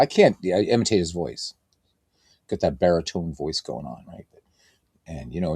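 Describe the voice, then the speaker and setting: A man's voice: low-pitched, lively intonation, normal speed, creaky, long pauses, darkish tone, husky, no echo. A man hosting a baseball game stream, chatting casually and reading out lineups like a ballpark announcer, with playful self-mockery. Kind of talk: casual chat and play-by-play announcing.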